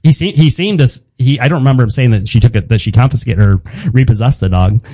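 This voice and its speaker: A man in his fifties tells a story in relaxed conversation, restarting sentences with wry humor. His voice is warm and dark, recorded dry and close with no room sound. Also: medium pitch, fast, breathy edge, no echo, low-quality recording. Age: 50s. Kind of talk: casual storytelling chat.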